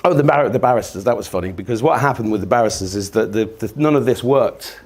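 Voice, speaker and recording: A man's voice: lowish voice, fast talker, a little mellow, breathy edge. An English man in his fifties, telling rambling, jokey stories to an audience and swearing freely. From England. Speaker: speaker. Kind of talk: casual storytelling talk.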